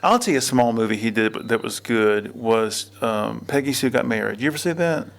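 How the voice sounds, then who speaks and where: A man's voice: medium pitch, expressive, a little fast, creaky. A man hosting a casual podcast outdoors by a river, telling rambling stories about films. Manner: rambling storyteller, acts out film quotes. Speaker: podcast host. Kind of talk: casual chat. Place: outdoors at a state park by a river.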